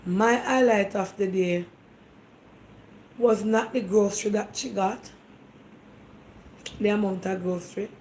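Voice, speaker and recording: A woman's voice: medium pitch, measured pace, pauses often, darkish tone, slight background noise, poor audio. A woman with a Jamaican accent hosting a casual talk show. She speaks straight to her viewers in an emphatic, insistent way and keeps firing questions back at them. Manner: emphatic, fires rhetorical questions at listeners; speaks directly to the audience, defensive and insistent.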